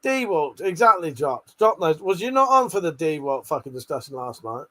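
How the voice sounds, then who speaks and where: A man with a high voice that swings widely runs a casual late-night livestream. He swears freely, laughs often and bickers with viewers about who is right. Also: very animated, normal speed, bright, forceful tone. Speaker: livestream host.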